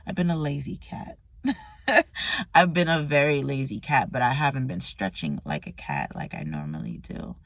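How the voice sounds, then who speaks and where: A woman's voice: extremely low pitch, lively intonation, moderate pace, vocal fry, no echo. A young woman talking candidly and emotionally in a personal vlog, swearing freely and using slang. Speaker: vlogger.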